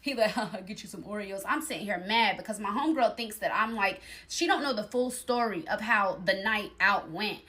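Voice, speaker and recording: A young woman telling a dating story in a casual storytime, animated and acting out the other people's voices. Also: medium pitch, moderate pace, few pauses. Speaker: storyteller in a clip.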